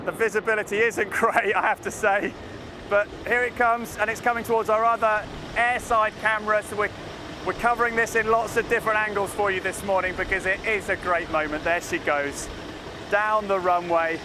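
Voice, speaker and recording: A man reporting live from an airfield, talking enthusiastically and with excitement. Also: high-pitched, normal speed. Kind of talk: live outdoor news report. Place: outdoors at a busy airfield. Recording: noisy outdoor live feed. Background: traffic noise.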